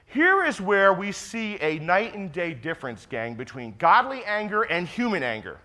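A male pastor delivering a sermon with a bright, forceful tone. His pitch swings widely as he hammers home repeated phrases, then falls into hushed asides. He sits slightly high for a man. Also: big pitch swings, normal speed. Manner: emphatic preaching, repeats key phrases, drops to quiet asides.

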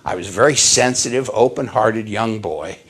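A man's voice: lowish voice, normal speed, fairly bright tone, breathy edge. An older man preaching a sermon, telling a story in a dramatic, emotive way.

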